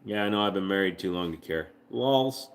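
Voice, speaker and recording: A man's voice: deep voice, expressive, fairly quick. A man hosting a casual livestream from home, joking with profanity and cooing baby talk to his dog. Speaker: livestream host.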